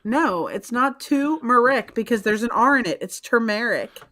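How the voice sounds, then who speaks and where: Brief: female co-host, fairly high and very lively pitch, insistent and argumentative in casual chat. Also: normal speed. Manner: insistent, argumentative, spells words out. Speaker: co-host of a live reselling stream.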